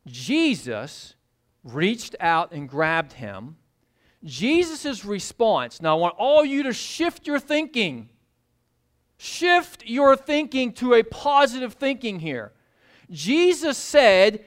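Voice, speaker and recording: A woman preaching a sermon, retelling the story in an animated way and repeating words for emphasis. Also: mid-range voice, takes it slowly.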